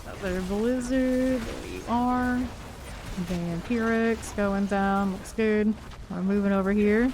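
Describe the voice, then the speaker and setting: A woman's voice: mid-range voice, fairly even intonation, slow, noisy background. A woman streaming a game live, thinking aloud and calling out enemies as they appear. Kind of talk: live gameplay commentary.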